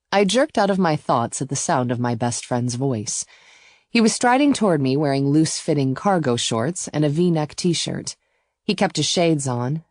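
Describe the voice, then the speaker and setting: Low-voiced woman narrating a romance audiobook. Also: a little mellow, dry recording, studio quality. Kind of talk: first-person romance narration.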